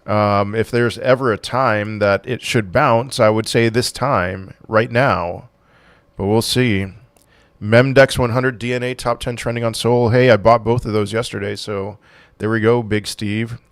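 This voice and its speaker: A man's voice: on the low side, steady tone, a little slow, smooth, dry recording. A man hosting a casual crypto livestream, reading out viewer questions and answering with offhand, dry sarcasm.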